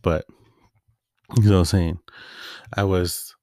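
Low-voiced man rambling casually. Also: fairly even intonation, slow pace, dark tone, no room sound, studio quality. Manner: rambling, loose and offhand with fillers. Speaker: podcast host. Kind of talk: casual solo monologue.

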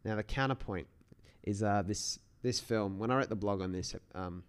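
A man's voice: fairly low pitch, normal speed, smooth. A man hosting a solo podcast, talking in a casual, rambling way with many restarts. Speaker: podcast host.

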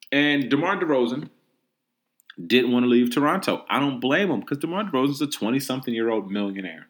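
A man's voice: mid-range voice, animated, brisk. Guy ranting on his sports podcast, swears a lot, says like constantly, mocking and incredulous. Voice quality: profane, rambling, heavy use of "like" and "um". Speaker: podcast host. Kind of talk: solo sports commentary podcast.

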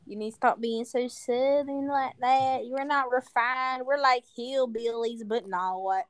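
A blunt woman teases her co-host in casual podcast chat. Her voice sits a little high and sounds dry. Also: fairly even intonation, a little slow, dry recording. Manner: blunt, teasing.

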